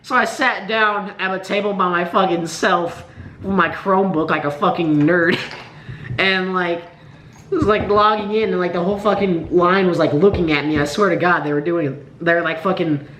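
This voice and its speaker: Speaking at a moderate pace, a young man in his late teens from Nebraska, USA, delivers a profane, sarcastic vlog complaint. His high voice is steady and sharp, with slight background noise, and the room by the window where he records sounds roomy and echoey.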